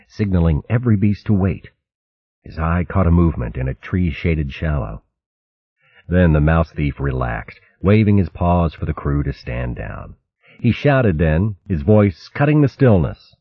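A man's voice: low voice, big pitch swings, a little slow, husky, no echo, muffled recording. A man reading a storybook aloud as narrator, telling it expressively. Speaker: audiobook narrator. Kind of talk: scripted narration.

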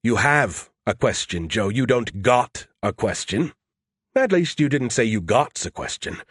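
A man's voice: medium pitch, very animated, moderate pace, no echo, clean studio sound. A man voicing an arrogant, snarky male alien AI that talks down to humans. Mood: mocking. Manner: condescending, mocking.

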